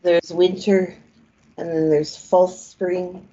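A woman's voice: lowish voice, level tone, slow, mellow. A woman making a prank phone call in a silly, rambling persona that keeps drifting off topic. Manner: silly, rambling, puts on a mock Canadian persona. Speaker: prank caller and podcast host. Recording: slightly dull, lo-fi sound.

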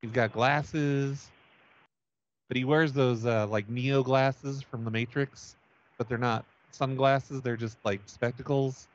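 A man's voice: medium pitch, steady tone, takes it slowly. A man making a prank phone call, stammering and playfully silly. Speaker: prank caller. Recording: dull lo-fi with faint noise.

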